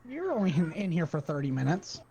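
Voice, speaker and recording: Fairly high-voiced guy ribbing his buddies over a game, jokey and loose. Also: big pitch swings, fairly quick, creaky, mellow, a little hiss or hum. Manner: teasing, joking banter. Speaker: co-op gaming partner. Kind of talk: casual chat while gaming.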